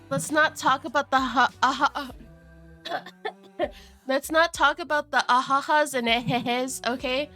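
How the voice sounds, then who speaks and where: A young woman streaming live, chatting casually to viewers, giggly and excitable, with a cold and chewing cough drops. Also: high-pitched, slow pace, long pauses, faint music behind. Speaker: VTuber streamer.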